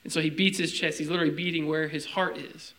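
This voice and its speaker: A young adult man gives a casual, conversational sermon, often stopping to check that his listeners follow. His voice sits a little higher than most men's. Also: little pitch movement, fast, fairly bright tone, poor audio. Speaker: pastor.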